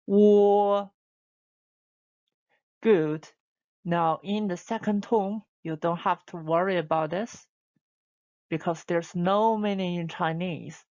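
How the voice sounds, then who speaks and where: A woman's voice: fairly low pitch, highs cut off. A woman teaching Chinese tones and vowels, modeling each sound and asking listeners to repeat after her. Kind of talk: slow, deliberate classroom instruction.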